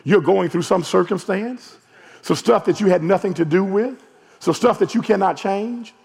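A man, a hoarse pastor preaching a sermon and calling out to his congregation, rising to shouts. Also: sits high, moderate pace. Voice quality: gravelly, husky. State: hoarse from allergies. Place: large church sanctuary. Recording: long echo of a large church hall.

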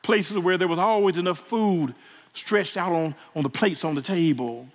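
A man's voice: sits high, normal speed. A man preaching a sermon in a church, emotional and repeating words as he builds. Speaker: pastor. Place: church sanctuary. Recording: reverberant church hall.

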